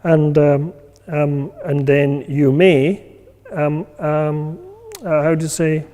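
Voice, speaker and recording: A man leads a meditation class in a relaxed, chatty way, often asking whether his listeners follow. His voice is mellow and sits a little high for a man. A long reverb trails his words, as if he were speaking in a hall. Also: takes it slowly. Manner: conversational, many fillers, acts out inner voices. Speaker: meditation teacher. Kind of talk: informal class talk.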